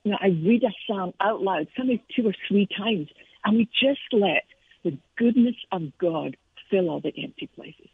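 A woman's voice: mid-range voice, lively intonation, moderate pace, breathy edge, dry recording. A middle-aged woman with a Scottish accent, speaking earnestly as an interview guest, telling personal stories about faith. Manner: earnest, reflective storytelling. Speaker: Christian author and speaker, guest. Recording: tinny phone line.

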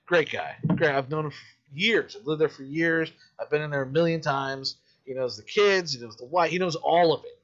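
A man who makes independent films, telling stories in casual podcast chat, animated and full of swearing. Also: on the high side, normal speed, lo-fi sound. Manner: profane, animated storytelling. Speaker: independent filmmaker.

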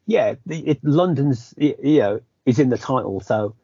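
A man's voice: medium pitch, expressive, moderate pace, warm tone, slightly rough, dry recording, lo-fi sound. A British man co-hosting a podcast, chatting casually about a film, rambling with lots of restarts. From Britain. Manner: rambling, self-correcting, many restarts. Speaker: podcast co-host.

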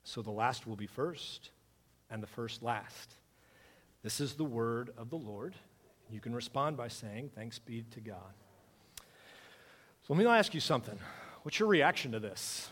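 A man's voice: medium pitch, expressive, measured pace, long pauses, a bit bright, in a large hall. A man preaching a conversational sermon, reading scripture and asking his congregation questions. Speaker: pastor.

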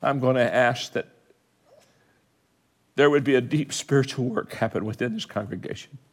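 A man preaching a sermon, telling stories with quoted dialogue, rising to fervent exhortation and closing in soft prayer. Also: moderate pace. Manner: impassioned, climbing high and loud when exhorting. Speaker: guest preacher.

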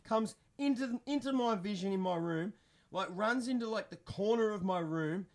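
A young man with a notably high voice tells a wild story in loose, profane podcast banter. He talks in quick bursts and swears in nearly every sentence. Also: vocal fry, darkish tone. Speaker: podcast co-host. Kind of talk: casual storytelling chat.

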